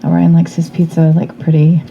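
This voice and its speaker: Slightly hoarse lady reading tarot cards, low voice, slow rambly chat, a bit muffled. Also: monotone, mellow, a little hiss or hum. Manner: meandering, chatty, trails off with fillers. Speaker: tarot reader. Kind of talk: casual tarot reading vlog.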